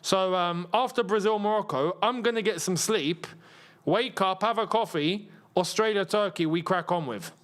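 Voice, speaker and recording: A man hosting a live football watchalong, chatty and rambling, with excitable bursts at the match action. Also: sits high, normal speed. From England. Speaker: football channel host.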